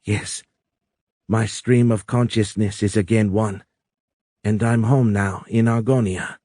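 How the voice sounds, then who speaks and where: A man voicing a calm, wise alien woman with a foreign accent, speaking slowly and explaining patiently in an audiobook. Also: fairly low pitch, no echo, studio quality. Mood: tender. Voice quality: foreign accent, soft raised voice. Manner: slow, measured, explanatory.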